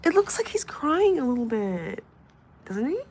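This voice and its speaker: A woman's voice: sits high, sing-song, normal speed, a little mellow, slight background noise. A woman hosting a casual livestream, chatty, swearing freely, cooing over small objects and sometimes dropping into a whisper. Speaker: livestream host.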